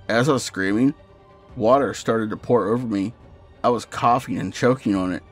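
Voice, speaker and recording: A man narrating a first-person horror story in a steady storytelling voice over faint music. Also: fairly low pitch, moderate pace.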